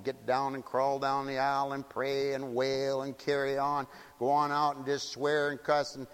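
A man preaching a sermon in an animated, mocking way, slipping into shrill wailing impressions. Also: smooth, in a large hall.

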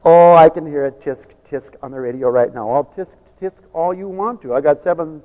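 A middle-aged man preaching a fiery sermon, swinging from loud shouts to quiet joking asides. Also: a little high, normal speed, big-room sound, lo-fi sound. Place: large church hall.

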